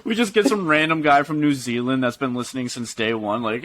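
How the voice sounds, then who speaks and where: A young man co-hosting a podcast in casual chat, laid-back, slangy and quick to laugh. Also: mid-range voice, fairly bright tone, low-quality recording. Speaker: podcast co-host.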